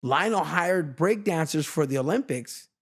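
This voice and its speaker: A man in his fifties from Los Angeles, a guest in a casual interview, telling lively stories and acting out other people's lines. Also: on the high side, normal speed. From Los Angeles, USA. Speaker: guest, veteran street dancer. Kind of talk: animated storytelling in a casual interview.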